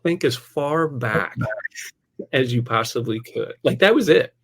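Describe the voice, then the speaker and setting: A man who is a pastor, telling a personal story in casual conversation. He is animated, laughs often and fills his speech with "like" and "man". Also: mid-range voice, a little slow. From United States. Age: adult, a parent.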